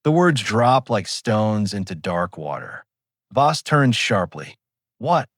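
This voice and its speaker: A man giving calm, cinematic second-person narration of a sea story. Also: lowish voice, slow, dry recording, clean studio sound. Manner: calm, dramatic.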